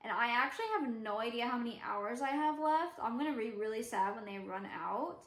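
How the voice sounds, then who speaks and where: A young woman vlogger talks briskly in a fairly high voice about a book she's listening to, rambling with many fillers and self-corrections. Background music plays under her, and the recording carries heavy background noise.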